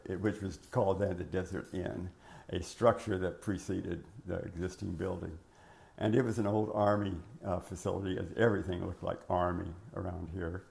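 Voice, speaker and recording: An older man looks back on his early working years in a long, rambling oral history interview. His voice sits low with a gravelly fry, and it cracks at times. He wanders through fillers and restarts as he remembers. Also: darkish tone.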